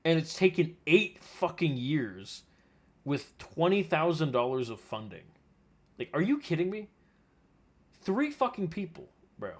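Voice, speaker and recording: A man's voice: on the high side, big pitch swings, measured pace. A man reacting to a video with exasperated, profane ranting commentary. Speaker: commentary streamer.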